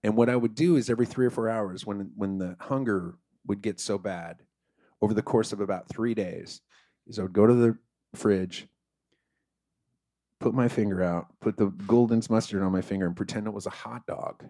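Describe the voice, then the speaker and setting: Low-voiced man telling a profane comic story. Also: normal speed, no room sound, studio quality. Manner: profane, animated, acts out voices.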